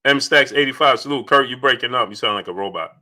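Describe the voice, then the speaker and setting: A man's voice: mid-range voice, quick pace, noisy background. A man hosting a casual boxing livestream, reading out super chats and making his points emphatically, often restarting his phrases.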